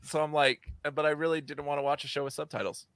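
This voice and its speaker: A man's voice: fairly high pitch, fairly even intonation, fast talker, a bit bright, clean tone, no echo. A middle-aged man co-hosting a podcast in casual chat, laughing often, swearing and bantering. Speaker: podcast co-host.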